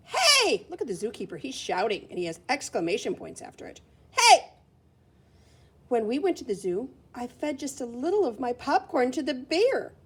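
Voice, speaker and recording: Lively, high-pitched woman reading aloud to kids. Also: breathy edge. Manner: animated, exclaiming, talks to a helper. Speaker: teacher reading aloud to children. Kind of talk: expressive read-aloud for kids.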